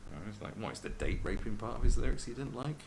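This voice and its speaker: A man's voice: medium pitch, lively intonation, quick pace, creaky. A man hosting a podcast, ranting in casual, profane chat and mimicking other people's voices. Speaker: podcast host. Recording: noisy background.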